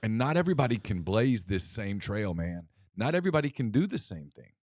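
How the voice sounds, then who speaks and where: A man co-hosting a sports podcast, blunt and emphatic, who reads quoted passages aloud slowly in casual talk. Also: lowish voice, very animated, darkish tone, no echo, studio quality. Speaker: podcast co-host.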